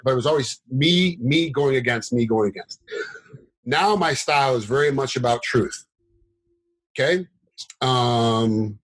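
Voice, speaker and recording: A middle-aged man, a former fighter turned commentator and referee, telling stories in a casual interview, animated and rambling with fillers. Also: medium pitch, a little slow, long pauses, rough recording. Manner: animated, acts out quotes in a raised voice; rambling with many fillers and restarts.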